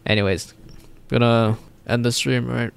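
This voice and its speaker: A man's voice: mid-range voice, fairly even intonation, measured pace, creaky, clear, resonant tone. An American man chatting casually on a livestream, swearing and laughing a lot. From United States. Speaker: streamer. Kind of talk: casual chat.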